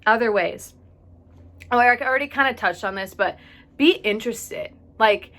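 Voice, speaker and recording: A young woman vlogs casual advice to the camera in a medium-pitched, fairly bright voice. She's chatty and a little out of breath, filling her speech with "like" and breaking into sighs and laughs.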